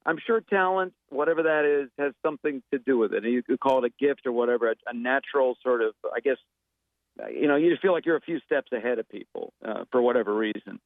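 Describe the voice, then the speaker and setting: A man's voice: medium pitch, quick pace, no room sound, phone-quality sound. A man being interviewed as a guest actor and impressionist, talking in a rambling, thoughtful way with many fillers and restarts. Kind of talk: casual interview talk.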